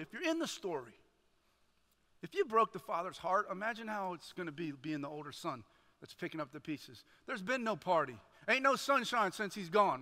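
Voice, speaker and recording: A man preaching a sermon as a guest chaplain, animated and often asking the congregation "right?". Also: very high-pitched. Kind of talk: energetic sermon retelling a parable. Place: church sanctuary. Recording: long hall reverb in a church.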